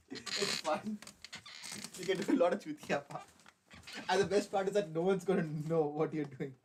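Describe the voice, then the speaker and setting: A man's voice: a little high, moderate pace, slight background noise. A young man, chatting on a casual live stream while building a model kit, hyper, giggly, swearing and rambling. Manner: hyper, giggly and profane, rambling self-mockery.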